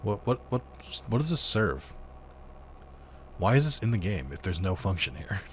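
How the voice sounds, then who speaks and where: A man's voice: fairly low pitch, big pitch swings, moderate pace, a little hiss or hum. A man casually commenting on a video game as he plays, rambling, swearing and laughing at his own jokes. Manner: reads game dialogue aloud in put-on voices. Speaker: gameplay commentator. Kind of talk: casual let's-play commentary.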